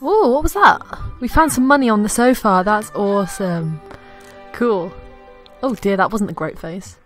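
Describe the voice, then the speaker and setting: Her voice is on the high side and a bit bright, with big pitch swings at a normal speed. A young gaming YouTuber, she giggles and talks to her characters while casually commenting on her life-simulation game in a Let's Play. Faint game music accompanies her desktop USB mic recording.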